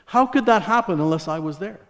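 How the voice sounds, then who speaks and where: A man's voice: sits high, expressive, brisk, a bit bright. A man giving a sermon testimony, telling stories in a conversational way with asides to the congregation. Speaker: guest preacher. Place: church sanctuary. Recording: long church hall reverb.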